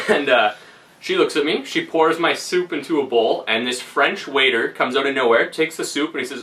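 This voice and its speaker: A man's voice: medium pitch, fairly quick, bright, forceful tone, far from the mic. A man casually telling a story, rambling and laughing, with lots of fillers. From Canada. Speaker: vlogger.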